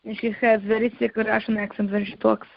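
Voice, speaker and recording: A woman's voice: medium pitch, little pitch movement, brisk, vocal fry, dry recording. A woman in her thirties, a comedian guest, chatting and telling stories in a casual interview. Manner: chatty, laughing storyteller. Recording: dull lo-fi dry podcast audio.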